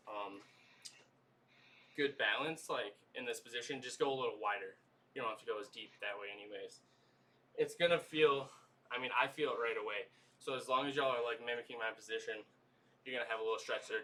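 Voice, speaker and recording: A man leading a livestream workout, coaching stretches in a relaxed, chatty way. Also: mid-range voice, recorded from a distance, slight background noise. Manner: easygoing, coaching with lots of "y'all" and "okay?". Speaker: fitness trainer.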